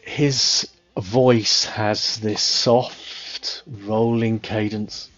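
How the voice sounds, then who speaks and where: A man narrating a tabletop game as game master, describing scenes with many pauses and fillers. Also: on the low side, steady tone, a bit bright, muffled recording, faint music behind. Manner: hesitant, many ums, describing slowly.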